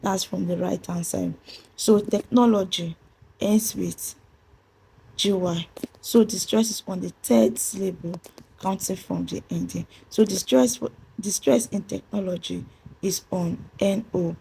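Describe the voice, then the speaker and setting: A woman's voice: mid-range voice, fairly even intonation, unhurried, vocal fry, dark tone, slight background noise. A woman with a Nigerian English accent giving an English pronunciation lesson, methodically spelling out letters and repeating key points. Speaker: English teacher. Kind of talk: classroom-style pronunciation lesson.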